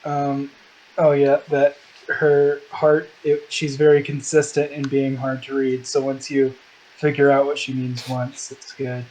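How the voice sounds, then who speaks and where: A woman playing her character in a tabletop game, speaking in a blunt, deadpan way. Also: rumbling low, unhurried, rough recording. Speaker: tabletop player. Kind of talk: in-character tabletop role-play.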